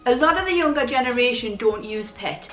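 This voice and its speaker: A woman's voice: a little high, animated, a little fast, fairly bright tone. A woman in her forties with a Geordie accent, chatting casually and rambling a bit as she talks to camera. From Newcastle, England. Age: 40s. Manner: chatty, rambling, self-deprecating. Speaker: YouTuber. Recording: echoey room with faint music.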